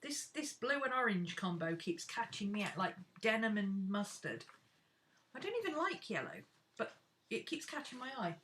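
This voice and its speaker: A woman talks casually through a live crafting stream, frank and chatty as she addresses her viewers directly. Her voice is bright and forward, pitched around the middle for a woman. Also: big pitch swings, moderate pace, slight background noise.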